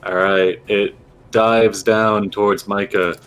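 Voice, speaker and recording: A man narrating as game master of a tabletop role-playing game, in a relaxed, chatty way. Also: lowish voice, slow, a little hiss or hum.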